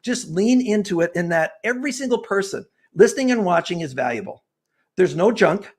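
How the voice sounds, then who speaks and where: A man in his sixties speaks with a fervent, preacherly earnestness as an interview guest. His voice sits high for a man. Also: lively intonation, brisk, slightly rough. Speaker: guest author and personality expert. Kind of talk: passionate interview talk.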